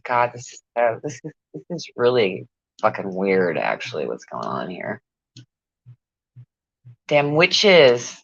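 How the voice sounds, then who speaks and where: A woman's voice: extremely low pitch, very animated, normal speed, gravelly, breathy edge, no room sound. A woman on a casual livestream, profane and exasperated, muttering to herself as she goes. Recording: dull lo-fi sound.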